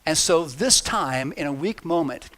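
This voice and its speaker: A man's voice: on the high side, animated, measured pace, fairly bright tone. A male pastor preaching a sermon, retelling a story in a casual, joking way.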